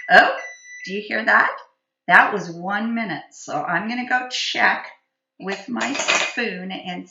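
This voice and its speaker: A woman teaching a gentle, encouraging children's cooking lesson, talking directly to the kids. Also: on the low side. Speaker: preschool teacher. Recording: echoey room, slightly dull lo-fi sound.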